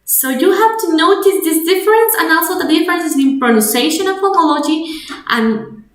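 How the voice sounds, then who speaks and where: A woman's voice: very high voice, lively intonation, normal speed, roomy sound. A young woman with a Spanish accent, a native Spanish speaker teaching an English grammar webinar, explaining step by step with restarts. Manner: explanatory, repeats and restarts, code-switches to Spanish.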